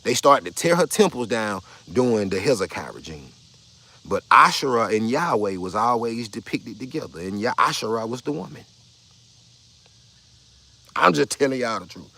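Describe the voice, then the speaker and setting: A man's voice: medium pitch, sing-song, normal speed, bright, forceful tone. Blunt, profane man ranting on a live stream. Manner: blunt, profane, argumentative, repeats himself. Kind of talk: casual live stream rant.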